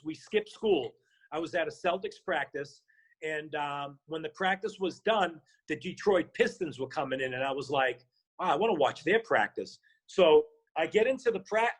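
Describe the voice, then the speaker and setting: A middle-aged man with a Boston accent, a podcast guest and actor, telling stories in an animated way, swearing freely and acting out the voices he quotes. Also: fairly high pitch, poor audio. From Boston area. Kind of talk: casual storytelling.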